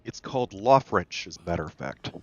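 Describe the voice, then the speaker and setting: A man's voice: sits low, animated, brisk, darkish tone, no room sound. A man who is a lawyer, chatting casually as a guest, telling rambling stories, swearing freely and laughing often. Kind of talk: casual chat. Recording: dull lo-fi dry voice line.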